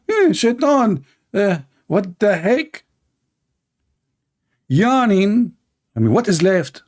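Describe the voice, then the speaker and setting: A man's voice: high-pitched, very animated, extremely slow, long pauses, darkish tone. A man giving mocking, exasperated commentary, sarcastic and laughing. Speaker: religious debate commentator.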